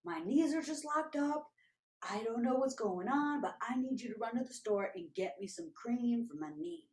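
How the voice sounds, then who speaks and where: A woman's voice: fairly high pitch, expressive, normal speed, darkish tone, pitched above the performer's own voice. A woman quoting a cheeky, easygoing male friend in an offhand, teasing way, in a roomy recording. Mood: casual. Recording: roomy echo.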